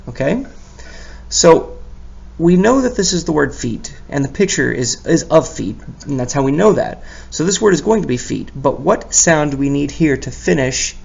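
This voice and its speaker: Slow, gravelly-voiced male teacher. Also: medium pitch. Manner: patient, sounds out letters and praises often. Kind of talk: recorded lesson for young children.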